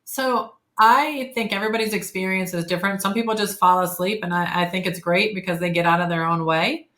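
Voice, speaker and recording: In a relaxed interview, this fifties-aged podcast guest talks frankly, frequently stalling on fillers and revising her sentences partway through. Her voice is middle-pitched and a bit bright, captured in a clearly echoey space.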